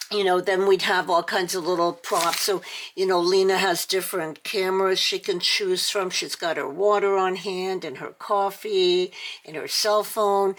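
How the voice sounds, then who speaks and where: An older woman hosting a casual toy unboxing, chatty and gushing, with many fillers. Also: mid-range voice. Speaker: toy channel host.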